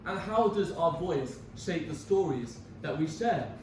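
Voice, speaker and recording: A man's voice: a little high, lively intonation, a little slow, darkish tone, distant mic, a little hiss or hum. Man lecturing in an echoey hall. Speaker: lecturer, performer. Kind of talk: scripted lecture presentation. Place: performance venue.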